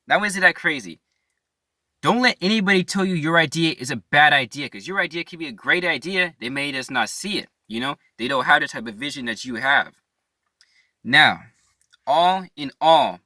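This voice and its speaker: A young man with a very bright, forward voice, pitched a little above the usual, gives a casual motivational talk straight to camera. He is earnest and slangy, calls his listeners "bro" and keeps checking in with "right?" as he repeats his points. The sound is close and dry. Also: no room sound. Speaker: motivational YouTuber.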